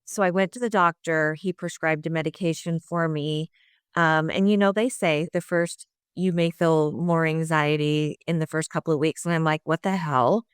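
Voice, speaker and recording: A middle-aged woman speaks in a low, smooth, resonant voice, recorded dry and close. She tells her story candidly and earnestly, voicing her past thoughts as she goes. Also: normal speed, no room sound. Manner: earnest, lively retelling with quoted inner thoughts. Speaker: guest sharing her recovery story.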